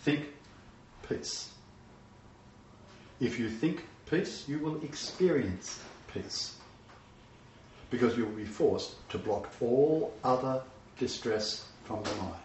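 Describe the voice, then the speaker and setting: An older man in his sixties preaching a sermon, swinging between emphatic loud bursts and hushed, low asides. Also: lively intonation, slow, long pauses, slight background noise. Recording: roomy, distant, dull-sounding hall recording.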